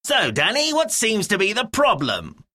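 A woman voicing a calm doctor in a language-course dialogue. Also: mid-range voice, moderate pace, exaggerated voice.

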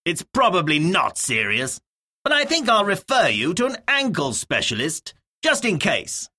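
A woman voicing a calm doctor in a language-course dialogue. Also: lowish voice, unhurried, slightly rough, heavily acted.

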